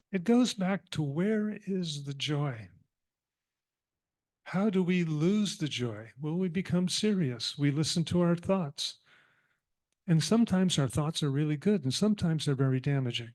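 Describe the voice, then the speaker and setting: A man giving a sermon as minister, telling a parable in an animated, humorous and reflective way. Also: on the high side, a little slow, pauses often. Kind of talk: storytelling sermon.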